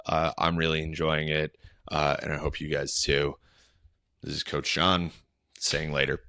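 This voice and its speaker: A man's voice: extremely low pitch, little pitch movement, a little slow, vocal fry, sharp tone, no echo. A young man, a fitness coach, hosting his own podcast alone and rambling casually with lots of fillers and restarts. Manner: rambling, loose and unscripted, with many fillers and restarts. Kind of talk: casual solo podcast talk.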